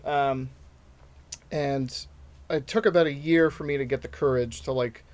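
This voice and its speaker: A man's voice: medium pitch, steady tone, measured pace. A man in his thirties, a stand-up comedian guest telling his story in a rambling, self-deprecating way in casual podcast chat.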